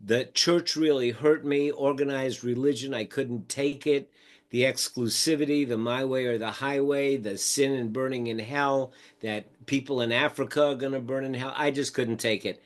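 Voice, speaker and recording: An older man talks as a podcast guest, spinning anecdotes in a relaxed way. He slips into other people's voices as he retells their words, keeping the flow conversational. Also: medium pitch, normal speed. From United States. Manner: animated storyteller acting out quoted dialogue. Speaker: podcast guest, mindfulness teacher. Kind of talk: casual storytelling interview.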